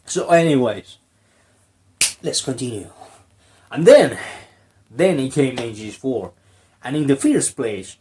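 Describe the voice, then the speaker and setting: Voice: mid-range voice, a little mellow, breathy edge. A video commentator with a strained throat, giving rambling, sarcastic commentary full of mock-dramatic asides.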